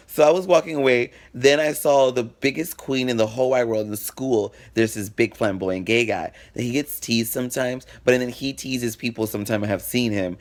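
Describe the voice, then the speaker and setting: A man's voice: medium pitch, moderate pace, few pauses. A man vlogging a personal story in a frank, profane, dramatic way, acting out what people said. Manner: acts out quoted exchanges. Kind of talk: casual storytelling.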